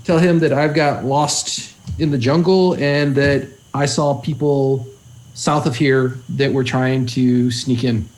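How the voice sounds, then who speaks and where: A man's voice: mid-range voice, steady tone, takes it slowly, a little mellow. Confident man playing a tabletop game. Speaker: player. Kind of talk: casual tabletop play.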